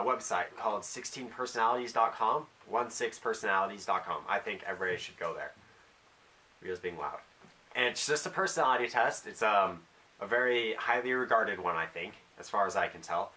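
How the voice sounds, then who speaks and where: A man's voice: lowish voice, sharp tone. A teenage boy talking casually in a rambling, self-deprecating vlog monologue with jokey asides. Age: teens. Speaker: vlogger.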